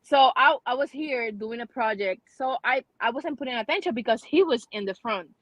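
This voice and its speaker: Woman host, casual storyteller, slightly high voice, dry close sound. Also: moderate pace, fairly bright tone, no echo. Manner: chatty storytelling with many restarts. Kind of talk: casual chat.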